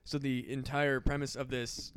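A man talking on a podcast with a smooth voice that cracks now and then. He rambles in an excitable, profane way through big ideas. The sound is dry and close. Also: mid-range voice, normal speed, dry recording, soft background music. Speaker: podcast guest. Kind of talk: casual chat.

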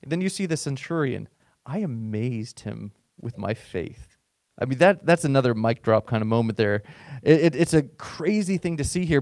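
A male pastor giving a sermon in a casual, conversational manner, stumbling and repeating words as he restarts his thoughts. His voice sits at an ordinary middle pitch. The recording is close and dry, with no room sound. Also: a little mellow, no room sound.

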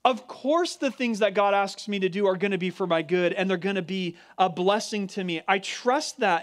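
A man preaching a sermon in an earnest, emphatic way, slowing down to stress key words. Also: high voice. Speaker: pastor.

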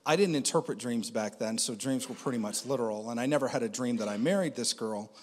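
A man's voice: mid-range voice, fast talker, a little mellow, big-room sound. A man giving a conversational personal testimony as a Christian speaker, with lots of fillers.

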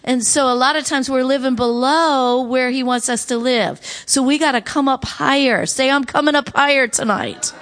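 A woman's voice: high voice, moderate pace, hardly any pauses, fairly bright tone. A woman preaching a sermon, urging the congregation to respond. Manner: exhorting the congregation.

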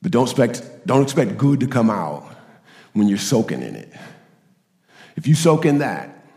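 Man pastor, lively pitch, preaching in a roomy hall, slightly high voice. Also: moderate pace, vocal fry. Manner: animated, acts out quoted voices, repeats phrases. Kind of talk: sermon.

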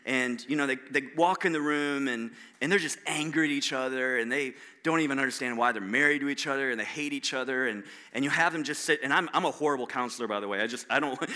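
A man's voice: medium pitch, bright, forceful tone. A man preaching a sermon as a pastor, talking in a conversational, self-deprecating way with frequent restarts.

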